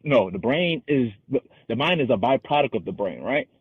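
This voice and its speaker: A man hosting a call-in show, arguing casually and slowing down to quote scripture. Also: mid-range voice, sing-song, no echo. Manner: argumentative, halting, restarts and slows to quote scripture. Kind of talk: casual debate. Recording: husky voice over a tinny phone-like line.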